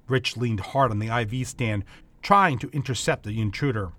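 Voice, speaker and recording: A man narrating a scripted story in an even, storytelling way. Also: medium pitch, moderate pace.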